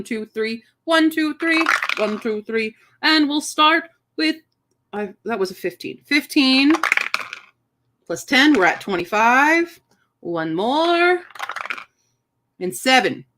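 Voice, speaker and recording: A woman's voice: high voice, expressive, slow pace, long pauses, noisy background. A woman live streaming from her apartment, chatting casually and playfully and slipping into joke accents. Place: home apartment, indoors.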